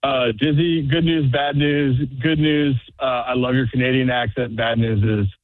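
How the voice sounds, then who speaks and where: A man's voice: medium pitch, fairly even intonation, moderate pace, no echo. Male radio caller, friendly, hesitant, heard over a tinny phone line. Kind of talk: phone call to radio show.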